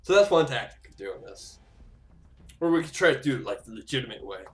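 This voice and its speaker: A man giving casual, excitable commentary over a game, swearing freely and breaking into laughs and shouts. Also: brisk. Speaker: gameplay commentator. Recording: noisy low-quality game capture audio.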